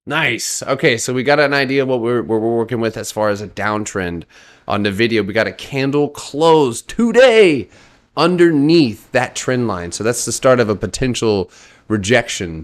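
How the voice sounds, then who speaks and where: A man's voice: medium pitch, animated, normal speed. A man hosting a casual stock trading livestream, reading charts and joking with his chat. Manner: laid-back, joking with chat, laughs often.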